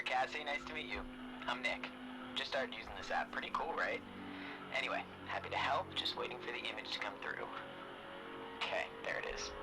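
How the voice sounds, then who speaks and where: A man's voice: mid-range voice, noisy background, natural voice. An actor voicing a friendly young man who helps through a phone app, breezy and self-deprecating. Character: friendly young male helper on an app, chatty. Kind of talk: video game voice acting.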